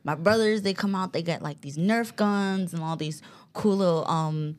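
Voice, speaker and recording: A woman's voice: on the low side, moderate pace. A woman co-hosting a casual podcast, telling a childhood story with lots of laughter. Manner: laughs a lot, lively and joking. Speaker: podcast co-host.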